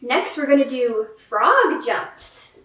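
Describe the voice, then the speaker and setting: A young woman teaching a yoga class for children, giving gentle, encouraging cues and playful animal sounds. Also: high voice, sing-song, takes it slowly. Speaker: yoga instructor. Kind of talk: kids yoga class instruction. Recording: echoey room, mic at a distance.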